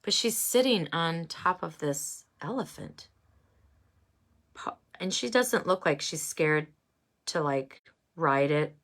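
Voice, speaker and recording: A woman giving a casual oracle card reading, musing and halting with many fillers. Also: low voice, lively intonation, fairly bright tone.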